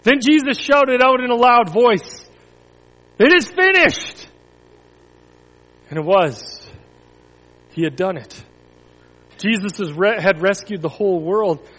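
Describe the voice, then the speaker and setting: A man, a pastor, reading a children's story to the congregation and then giving church announcements with expressive, dramatic pacing. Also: high-pitched. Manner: expressive storytelling, dramatic pauses, drops to near whisper. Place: church hall. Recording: long hall reverb.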